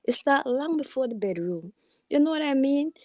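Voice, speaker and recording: A woman's voice: high voice, animated, normal speed, mellow, no echo, clean studio sound. A woman guest on a livestream giving frank advice, with lots of fillers. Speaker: call-in guest. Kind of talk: casual chat.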